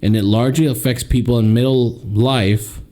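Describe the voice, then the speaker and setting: A man's voice: medium pitch, moderate pace. A man co-hosting a casual podcast, joking around and swearing freely. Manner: animated, jokey, swears a lot, puts on mock voices. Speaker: podcast co-host. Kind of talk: casual chat.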